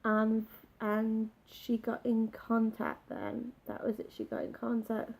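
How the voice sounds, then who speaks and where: A woman telling a personal story in a halting, emotional way, with many restarts. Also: fairly high pitch, completely flat delivery, creaky, darkish tone, husky, low-quality recording. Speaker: vlogger.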